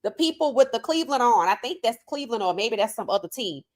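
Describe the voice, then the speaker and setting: A woman's voice: on the high side, animated, quick pace, darkish tone. Outspoken woman sports podcast host. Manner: outspoken, reads chat comments aloud. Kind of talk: casual live-stream commentary.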